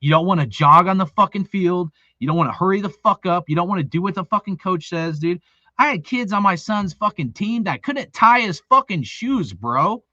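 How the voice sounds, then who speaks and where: A man's voice: sits high, animated, moderate pace, sharp tone, no echo, muffled recording. A middle-aged man ranting in a heated, profane monologue about youth football, peppering it with "dude" and "bro.". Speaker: youth football volunteer coach, show host.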